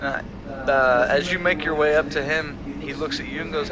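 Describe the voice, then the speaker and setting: A man narrating as game master of a tabletop game, halting often with fillers and restarts. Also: fairly high pitch, level tone, a crowd in the background, low-quality recording.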